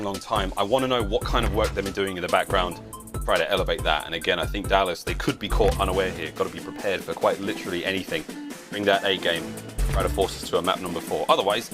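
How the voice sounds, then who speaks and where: A man's voice: sits low, quick pace. A male esports caster doing live match commentary and playful sponsor reads. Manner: animated, playful, chatty. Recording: music bed underneath.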